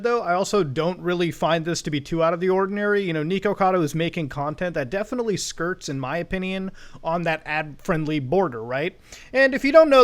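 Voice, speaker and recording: A man doing sarcastic, animated commentary on a video channel, swearing casually. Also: high voice. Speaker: commentary YouTuber. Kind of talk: reaction commentary.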